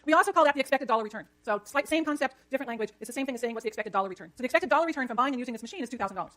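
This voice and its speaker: A woman lecturing an economics class, brisk and jokey, scolding the chatter when it gets too loud. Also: high-pitched, animated.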